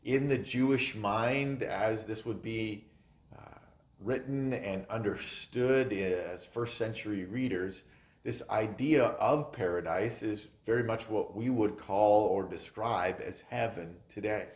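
A man preaching a sermon as pastor, speaking earnestly and with emphasis, often letting his phrases fade softly at the end. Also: on the low side, takes it slowly. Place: chapel. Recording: echoey chapel room.

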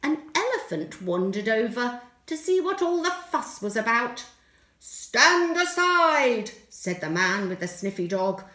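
A woman who teaches nursery school, reading a storybook aloud to young children in a gentle, expressive way. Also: medium pitch, normal speed. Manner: gentle, expressive and sing-song. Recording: echoey room.

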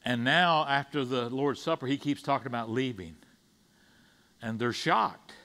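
Guy preaching at church, chatty, lots of restarts, bright ringing voice. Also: medium pitch, unhurried. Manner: conversational preaching with frequent restarts and paraphrased dialogue. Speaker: pastor. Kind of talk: sermon. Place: church sanctuary.

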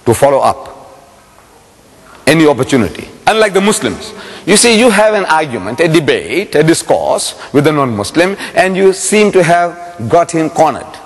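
A man giving a public religious lecture, telling a story dramatically and firing rhetorical questions at the audience. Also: on the high side. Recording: long hall reverb.

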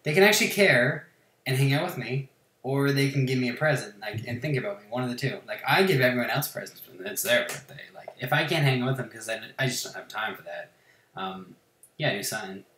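Man, gaming channel host, casual rambling chat, profane, self-mocking, average pitch, roomy echo. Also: fairly quick, a bit bright. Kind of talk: casual chat while playing a game.

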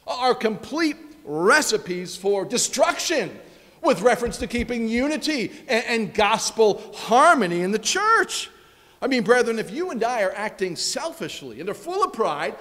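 A man preaching a sermon as pastor, emphatic and repetitive, with his voice dropping low at the ends of phrases. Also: a bit bright, in a large hall. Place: church sanctuary.

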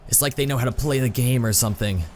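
Excitable man doing gameplay commentary. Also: mid-range voice, fast, a little hiss or hum. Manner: excitable, self-mocking, full of exclamations. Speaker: gaming YouTuber.

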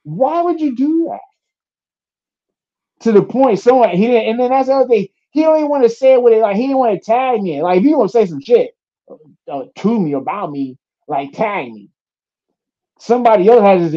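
A young adult man, a UFC fighter, speaks with an extremely high voice at a moderate pace, and the recording has its highs cut off. He's chatting casually in an interview, telling animated stories, acting out quotes and swearing freely.

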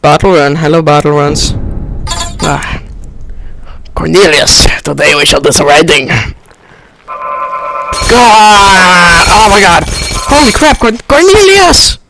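A young man on a headset giving excitable let's-play commentary, yelping and laughing as he plays. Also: on the high side, takes it slowly, gravelly, pauses often, background noise. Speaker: gamer.

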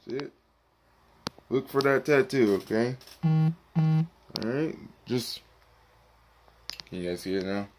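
A man's voice: mid-range voice, expressive, slow pace, long pauses, background noise. A man talking casually to his viewers, rambling and pleading for likes and subscribers. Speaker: YouTuber. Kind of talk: casual vlog talk.

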